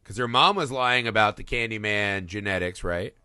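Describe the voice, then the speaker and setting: A man co-hosting a film podcast in a casual, animated chat, swearing freely and acting out lines from the movie. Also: fairly low pitch, moderate pace, clear, resonant tone, dry recording, studio quality. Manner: animated, swears, acts out quotes in put-on voices. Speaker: podcast co-host.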